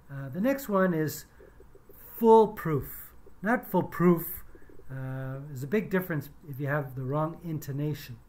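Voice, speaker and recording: Low-voiced woman, slow and deliberate. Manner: measured, deliberate, many hesitant fillers. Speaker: English teacher reviewing pronunciation. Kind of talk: casual spoken commentary.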